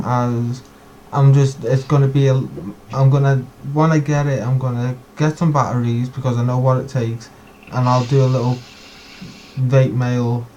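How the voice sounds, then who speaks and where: A male host rambles through a casual online stream and swears freely. His voice is mellow and dark. A faint noise sits behind him. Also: medium pitch, muffled recording. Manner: profane, rambling.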